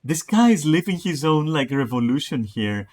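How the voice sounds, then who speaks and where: A man's voice: on the high side, sing-song, normal speed, a little mellow. A man streaming live, reading chat messages aloud and reacting with profane, mocking commentary.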